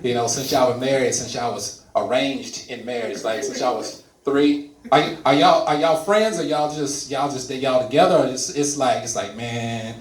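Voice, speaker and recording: A man in his forties from Louisiana doing stand-up comedy and crowd work, animated and loud. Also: medium pitch, normal speed, echoey room, recorded from a distance. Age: 40s. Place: comedy club with laughing audience.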